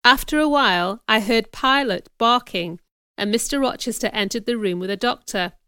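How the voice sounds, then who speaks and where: Woman narrator, bright and crisp, dry close mic, measured audiobook reading. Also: on the high side, dry recording. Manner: clear, measured storytelling. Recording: dry, close studio recording.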